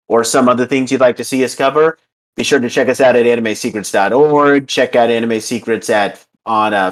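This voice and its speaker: A man hosting a casual podcast, wrapping up the episode with many ums and uhs. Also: medium pitch. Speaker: podcast host. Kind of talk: casual podcast chat and wrap-up.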